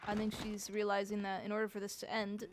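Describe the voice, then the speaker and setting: A woman's voice: mid-range voice, completely flat delivery, fast, background noise. A woman streamer chatting casually with her viewers about her role-play character, swearing freely. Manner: chatty, swears, talks to chat.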